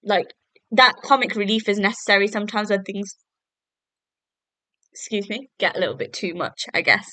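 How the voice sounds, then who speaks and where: Young woman host, bright tone, dry close sound, rambling casual recap. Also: mid-range voice, animated, moderate pace, long pauses, dry recording. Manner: chatty, with many fillers and self-corrections. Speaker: podcast host. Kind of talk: casual solo TV episode review. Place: at home.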